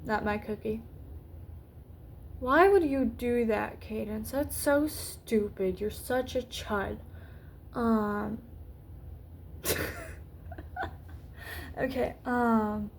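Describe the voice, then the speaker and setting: A young woman talking slowly in a casual vlog, her voice a little high and starting to go hoarse. She rambles, trails off and restarts her sentences with lots of fillers. Faint noise hums behind her. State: losing her voice. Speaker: YouTuber. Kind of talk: rambling unscripted vlog talk.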